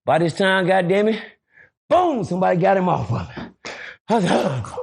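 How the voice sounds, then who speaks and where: A man telling a prison story in casual chat, loud and profane, breaking into shouts. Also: high voice, big pitch swings, a little fast, gravelly, husky. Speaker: podcast guest storyteller.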